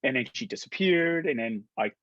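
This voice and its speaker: Excitable man telling a story. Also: on the high side, moderate pace, gravelly, dull audio. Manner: excitable, many restarts, acts out dialogue. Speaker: actor guest on a panel. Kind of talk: casual anecdotal storytelling.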